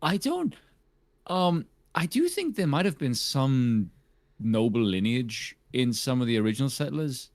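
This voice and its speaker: A man from South Africa in casual live-stream chat, blunt and quick to laugh. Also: medium pitch, big pitch swings, dry recording.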